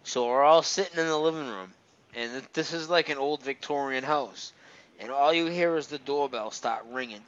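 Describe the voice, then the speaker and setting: A man's voice: medium pitch, normal speed, a bit bright, a little hiss or hum. A man telling a personal ghost story in casual chat, rambling, with lots of fillers and restarts. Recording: slightly dull, muffled recording.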